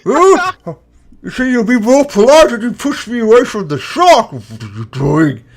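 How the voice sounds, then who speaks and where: A man's voice: extremely high pitch, big pitch swings, a little slow, creaky, voice pushed up, exaggerated voice. A man voicing a flustered, overly polite woman adventurer in a tabletop game. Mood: indignant.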